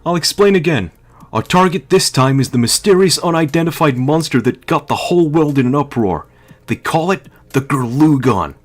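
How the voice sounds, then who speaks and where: A man's voice: on the high side, expressive, normal speed, pitched above the performer's own voice. A man voicing a nerdy young male tech advisor who gives earnest instructions over a codec radio in a video game. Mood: earnest instructing.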